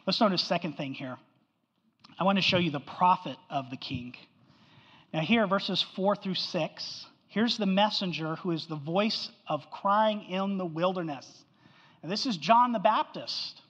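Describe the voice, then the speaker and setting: Pastor preaching in a reverberant hall. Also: male voice, high voice, expressive, measured pace, fairly bright tone, slightly rough, muffled recording. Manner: conversational preaching, keeps asking "right?". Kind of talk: sermon.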